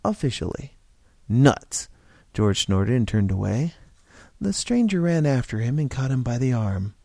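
A man narrates a story aloud with steady, expressive pacing. His voice is gravelly and mellow. The recording is close and dry with no room sound. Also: mid-range voice, normal speed, no echo. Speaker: story reader.

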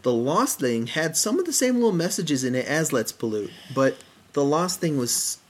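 A man's voice: on the high side, very animated, moderate pace. A man reviewing short films in casual chat, rambling through plot retellings with plenty of fillers. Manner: chatty, rambling retellings with acted-out quotes. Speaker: film reviewer.

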